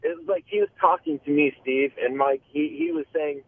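Male caller on a phone line, earnest and halting, tinny phone sound. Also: a little high, huge pitch swings, gravelly. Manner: earnest, halting storyteller with many restarts. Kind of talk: call-in testimony.

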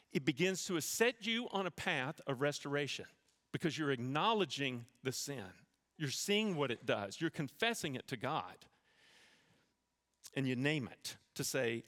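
A man's voice: medium pitch, fairly bright tone. A man preaching a sermon as pastor, conversational with humorous asides. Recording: long hall reverb.

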